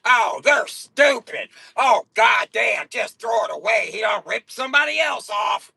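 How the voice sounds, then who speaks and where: A man voicing a jeering hater who shouts in a raised, high-pitched voice. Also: big pitch swings, a little slow, creaky, slightly rough, no echo, full character voice. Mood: mocking.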